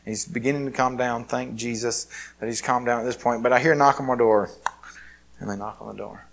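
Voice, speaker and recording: A man's voice: mid-range voice, fairly even intonation, brisk, vocal fry. A man preaching a sermon, telling a personal story in a conversational, self-deprecating way. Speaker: pastor.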